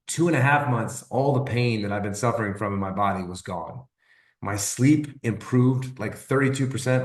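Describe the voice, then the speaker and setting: A man's voice: on the low side, roomy sound, recorded from a distance. A man giving a casual personal testimonial on an informational call, animatedly acting out the conversations he retells. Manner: animated storyteller acting out quoted dialogue.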